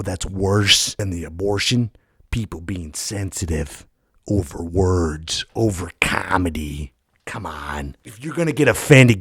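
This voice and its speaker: A man putting on the voice of a brash older ex-wrestler politician in a comedic podcast rant, swinging from loud outbursts to hushed mutters. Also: lowish voice, no echo, studio quality, lightly acted. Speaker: podcast host. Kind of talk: comedic impression monologue.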